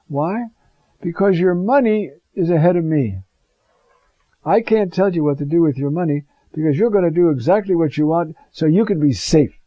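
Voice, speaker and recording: Priest, homily, chatty with fillers; dull, dry lo-fi recording. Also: male voice, fairly high pitch, unhurried, mellow, no echo. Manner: conversational, many fillers and asides.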